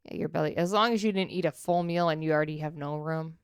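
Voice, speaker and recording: Podcast lady telling a story all animated, lowish smooth voice. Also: fast, no echo, studio quality. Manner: animated storyteller, acts out quotes. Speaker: podcast co-host. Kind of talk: casual chat. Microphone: studio dynamic mic.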